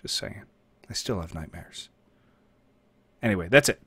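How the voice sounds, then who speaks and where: A young man hosting a livestream, telling a crude story in a deadpan, profane way with chatty asides to his viewers. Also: low-pitched, moderate pace, husky. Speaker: livestream host. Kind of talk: crude comedic storytelling while gaming.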